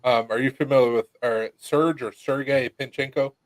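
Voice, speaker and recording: A man's voice: mid-range voice, fairly even intonation, moderate pace, dry recording, rough recording. A man telling stories in a casual podcast chat, swearing and laughing often. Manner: laid-back storyteller, swears, laughs often. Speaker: podcast co-host.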